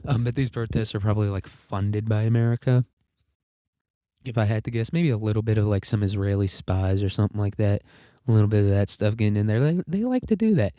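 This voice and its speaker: A man's voice: fairly low pitch, level tone, fairly quick, mellow, no echo, clean studio sound. A man hosting a casual political commentary monologue, sarcastic, profane and rambling, and a little congested with frequent coughing. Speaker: podcast host.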